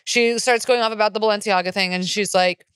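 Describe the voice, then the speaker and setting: A woman co-hosting a casual chat podcast who talks in an animated, profane way and mocks people with quick impressions. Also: medium pitch, smooth, no room sound, studio quality. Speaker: podcast co-host. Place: Los Angeles.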